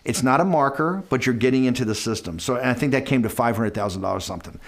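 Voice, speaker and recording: A middle-aged man answers questions in a documentary interview, spinning a long story at a mid pitch. He acts out the other people's lines as he goes and keeps stopping to restart his sentences. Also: quick pace. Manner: anecdotal, acts out dialogue, restarts often.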